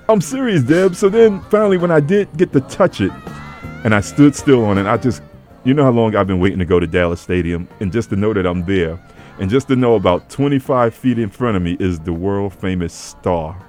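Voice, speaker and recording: A man hosting a radio show in casual chat, an animated storyteller who acts out voices in his anecdotes. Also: fairly low pitch, a little fast, faint music behind.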